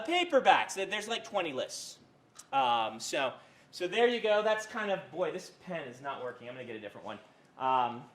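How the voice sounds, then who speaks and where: Male lecturer, casual classroom talk, slightly raised pitch, filler-heavy rambling delivery. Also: fairly bright tone. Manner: rambling, many fillers and self-corrections. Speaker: university creative writing lecturer. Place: university lecture room.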